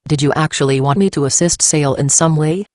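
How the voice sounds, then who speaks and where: A man's voice: a little high, fairly quick, no room sound, clean studio sound, natural voice. A man reading out a snide, dismissive female online commenter in a put-on voice.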